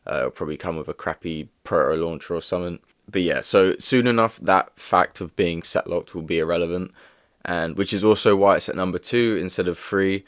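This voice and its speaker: A man's voice: low-pitched, fairly quick. A young man giving a casual, rambling video review, peppered with filler words. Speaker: toy reviewer.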